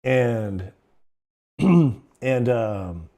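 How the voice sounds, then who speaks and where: A man's voice: medium pitch, lively intonation, very slow, warm tone. A young man hosting a livestream, telling stories casually in a rambling, slangy, profane way. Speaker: livestream host. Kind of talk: casual storytelling.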